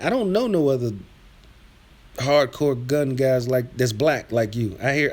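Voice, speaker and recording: Combative man ranting on a livestream. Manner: combative, trash-talking, rambling; swings from low muttering to loud yelling. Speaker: livestream host reading chat. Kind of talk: casual profane rant on a live stream.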